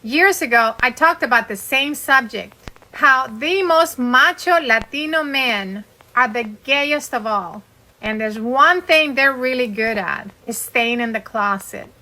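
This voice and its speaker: A woman's voice: a little high, lively intonation, measured pace, sharp tone, low-quality recording. A woman giving wry, knowing social media commentary.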